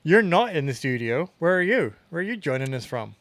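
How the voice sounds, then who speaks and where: A man from England co-hosting a podcast, relaxed and laughing easily as he chats. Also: on the high side, brisk, no room sound. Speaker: podcast co-host. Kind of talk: casual chat.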